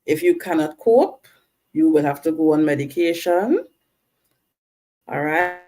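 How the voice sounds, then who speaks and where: Slow, earnest low-voiced woman vlogger. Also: lively intonation, warm tone. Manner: slow, earnest, coaching viewers directly; asks "all right?" and "right?" to check in. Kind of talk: personal talk to camera.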